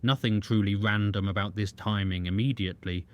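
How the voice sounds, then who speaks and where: A man giving scripted story narration in a measured, even delivery. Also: fairly low pitch. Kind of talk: scripted documentary-style narration.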